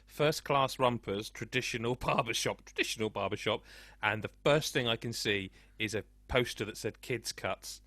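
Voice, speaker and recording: A man's voice: medium pitch, normal speed, bright, forceful tone, no room sound. A man hosting a casual podcast chat, who rambles, laughs often and talks over his co-hosts. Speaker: podcast host. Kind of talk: casual banter.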